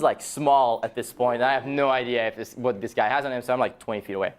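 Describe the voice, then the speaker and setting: Animated young man telling a story. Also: fast, few pauses, smooth. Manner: animated storyteller, acts out quoted dialogue with sudden high excited jumps. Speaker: startup founder giving a talk. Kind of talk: storytelling talk to students. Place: university event room, audience present.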